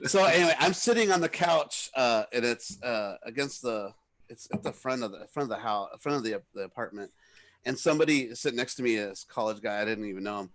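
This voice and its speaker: A middle-aged man co-hosting a podcast, telling party stories in a rambling, animated way and shouting out the lines he quotes. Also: mid-range voice, fairly quick. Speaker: podcast co-host. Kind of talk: casual storytelling.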